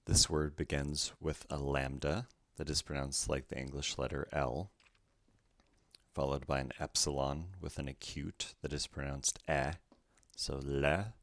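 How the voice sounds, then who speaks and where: Male tutor, extremely low voice, unhurried and methodical, dry close recording. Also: little pitch movement, fairly bright tone, no room sound. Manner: careful, methodical, spells out each letter. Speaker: Greek language teacher. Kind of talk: slow letter-by-letter pronunciation lesson.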